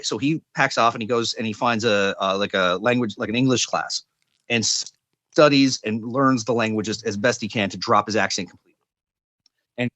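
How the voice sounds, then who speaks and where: Man, faint Newfoundland accent, fast filler-heavy podcast storyteller, dry sound. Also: mid-range voice, a bit bright, dry recording. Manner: talks fast, many fillers, tells jokes. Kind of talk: casual podcast chat.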